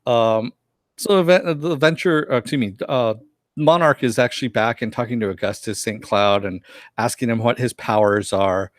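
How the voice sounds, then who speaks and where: A man's voice: medium pitch, normal speed, no room sound. Guy host recapping a cartoon ep, does the voices, dry close sound. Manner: animated, acts out characters' lines with laughs. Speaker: podcast host reviewing a cartoon episode. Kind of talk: casual chat, recapping scenes.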